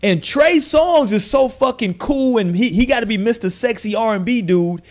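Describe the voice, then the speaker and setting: A man hosting a podcast, telling stories in casual, profane, animated chat and mimicking the people he describes. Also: extremely high pitch, moderate pace. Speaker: podcast host.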